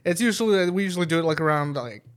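A man's voice: fairly high pitch, lively intonation, rapid-fire. Rambling young man telling a story. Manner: rambling storyteller, many fillers, swears, laughs a lot. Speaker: podcast co-host. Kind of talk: casual chat.

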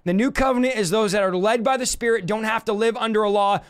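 A young man preaching a fiery sermon, shouting passionately in fast bursts and then slowing down for emphasis. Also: high-pitched, fairly even intonation, clean tone.

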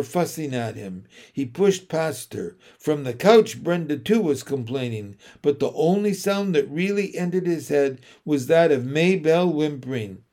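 A man narrating a children's novel in slow, deliberate, emotional storytelling. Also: fairly high pitch, warm tone. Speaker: audiobook narrator.

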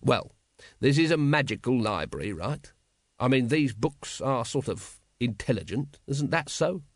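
A man voicing a weary, dogged male watch captain with flat, wooden official replies in an audiobook. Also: mid-range voice, unhurried, no room sound. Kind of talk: audiobook character voice.

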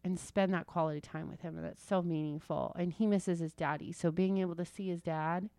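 A woman in her thirties speaks earnestly on a faith podcast, telling personal stories. Her voice sits a little low, recorded close and dry. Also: fairly even intonation, fairly quick, dark tone, dry recording. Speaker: podcast co-host. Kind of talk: casual faith podcast chat.

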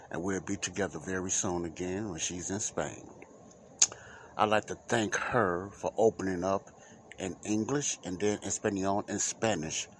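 A man with a very low voice hosts his own Christian talk podcast, speaking at an unhurried, drawn-out pace. He rambles and repeats himself in a loose, informal preacherly way. A faint hiss sits under the recording. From United States. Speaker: podcast host. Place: Chicago area.

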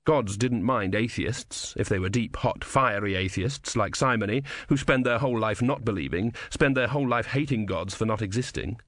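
A man narrating a comic fantasy novel in a wry, measured storytelling manner. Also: on the low side, a bit bright, no echo, clean studio sound. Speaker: audiobook narrator. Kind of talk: scripted narration.

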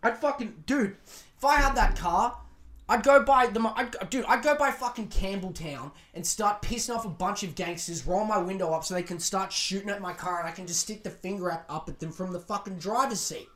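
Speaking in a high, somewhat bright voice at a fairly quick clip, this Australian-accented man hosts a podcast. His profane ranting commentary is crude, sarcastic, and full of swearing.

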